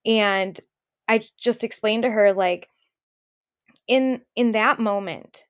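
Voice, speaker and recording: A woman's voice: mid-range voice, slow pace. A woman co-hosting a podcast, telling a personal story in an open, emotional way. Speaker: podcast co-host. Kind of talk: casual chat.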